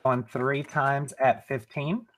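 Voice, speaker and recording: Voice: medium pitch, fairly even intonation, slow pace. A co-host calling the bids in a live online jewelry auction, with a playful, teasing manner. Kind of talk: casual live-stream auction chat.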